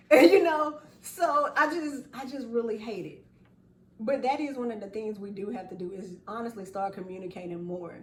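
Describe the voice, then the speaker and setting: Recorded at a distance in an echoey room with slight background noise, this woman host talks in a casual, animated way. She laughs a lot and acts out others' words, speaking at normal speed in a voice on the high side.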